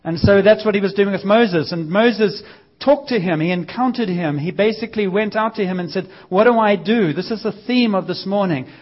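Lively high-voiced male preacher. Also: brisk. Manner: energetic, conversational, lively acted quotes. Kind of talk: sermon. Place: church service. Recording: dull lo-fi sound.

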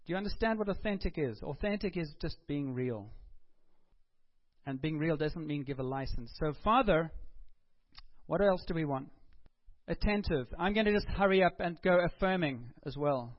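A man's voice: fairly high pitch, animated, moderate pace, muffled recording. A man preaching a sermon in a conversational way, putting questions to the congregation and taking their answers. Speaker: pastor.

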